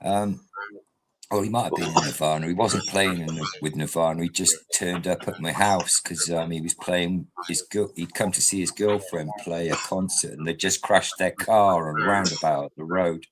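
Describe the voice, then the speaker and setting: Low-voiced rambling man. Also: steady tone, normal speed, noisy background. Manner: rambling, swearing storyteller. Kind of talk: casual chat.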